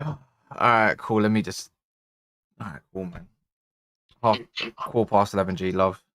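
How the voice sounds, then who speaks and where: A man's voice: lowish voice, fairly even intonation, a little slow, fairly bright tone, no echo, clean studio sound. A man hosting a live-streamed football fan reaction, talking in exasperated, slangy bursts that rise to frantic outbursts. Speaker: football channel host. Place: indoor room.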